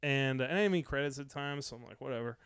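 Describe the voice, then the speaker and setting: A male comedian and podcast host telling a profane, animated story in casual chat. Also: medium pitch, rapid-fire, clean tone, no room sound, clean studio sound. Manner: animated, profane, acts out other people's voices.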